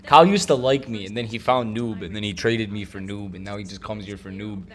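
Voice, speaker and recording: A young man hosting a stream, chatting loudly and joking in a rambling, casual way at a desk mic. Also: lowish voice, brisk. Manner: loud, joking, rambling banter. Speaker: streamer host. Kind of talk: casual chat.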